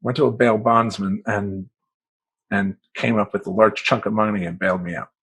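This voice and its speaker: A man who works as a life coach, telling a personal story in a profane, rambling, animated way. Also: on the low side, normal speed, husky, rough recording.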